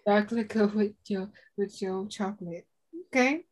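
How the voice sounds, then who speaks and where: Husky playful woman podcast co-host. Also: medium pitch. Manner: loud, playful, slangy, quick to exclaim. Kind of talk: casual chat.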